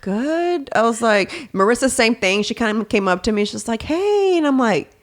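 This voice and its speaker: A woman's voice: a little high, fairly quick. A woman in her thirties from Texas hosting a casual podcast chat, telling stories with lots of swearing and acted-out quotes. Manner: animated storytelling, swearing freely, acting out voices in quotes. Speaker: podcast host.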